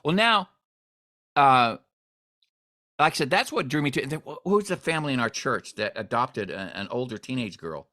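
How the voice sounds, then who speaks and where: A man hosting an interview, telling a story with expressive swings in pitch and volume. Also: normal speed. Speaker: host.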